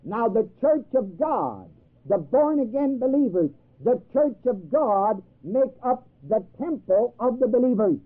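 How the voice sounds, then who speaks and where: A man's voice: very high voice, animated, measured pace. A man teaching a Bible class in a sermon style, emphatic, quizzing his listeners with questions. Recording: tinny phone-like old tape.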